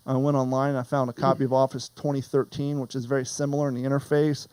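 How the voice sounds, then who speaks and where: A man's voice: mid-range voice, steady tone, fast, few pauses, clear, resonant tone, dry recording. Rambling, chatty male podcast host. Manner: rambling, chatty, wanders off topic. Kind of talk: casual podcast chat.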